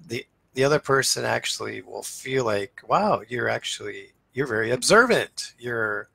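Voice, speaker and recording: Gravelly, bright-voiced man explaining casually. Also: medium pitch, no echo, low-quality recording. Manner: casual, explanatory, frequent fillers and restarts. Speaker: teacher. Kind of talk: instructional talk.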